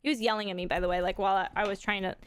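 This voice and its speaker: A young woman and mother chatting casually on a live stream, excitable and gushing. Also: mid-range voice, very fast, clean tone. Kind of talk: casual chat.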